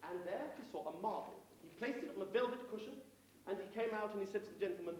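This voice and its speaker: A man's voice: sits high, sing-song, a little fast, a little hiss or hum. A man from England compering an amateur variety show, telling a comic story in mock-pompous stage patter. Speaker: compere telling jokes and singing. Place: amateur theatre stage, live audience. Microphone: far room recording. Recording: echoey distant hall recording.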